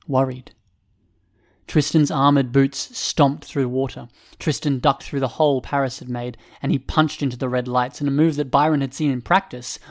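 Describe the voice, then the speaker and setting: A man narrating a story in a steady, measured reading voice. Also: medium pitch. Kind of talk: scripted narration.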